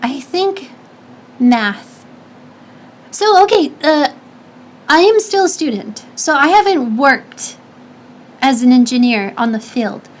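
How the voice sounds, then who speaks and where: Young female streamer, high-pitched, chatty and giggly, rambles through viewer questions with frequent restarts. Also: a little hiss or hum. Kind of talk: casual stream chat reading viewer questions.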